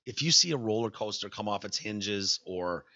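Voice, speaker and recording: A man hosting a casual podcast, telling a story in an animated, profane way. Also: lowish voice, normal speed, dry recording, muffled recording. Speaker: podcast host.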